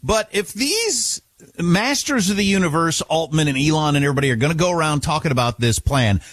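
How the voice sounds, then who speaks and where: A middle-aged man co-hosts a radio talk show and jokes his way through the banter, acting out little exchanges. His voice sits a little high and a bit husky, with lively swings in pitch. The studio sound is dry. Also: fairly quick, no room sound. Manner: joking, animated, acts out exchanges.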